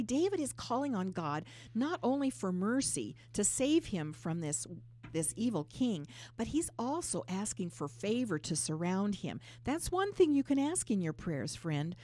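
A woman's voice: medium pitch, very animated, measured pace, mellow. A woman co-hosting a Bible talk, earnestly explaining scripture verse by verse. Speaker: Bible teacher co-host.

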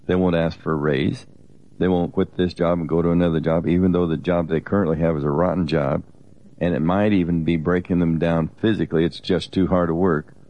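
A man's voice: low voice, level tone, brisk, warm tone. A man co-hosting a Christian teaching program, talking earnestly in a conversational, exhorting way, often restarting his sentences.

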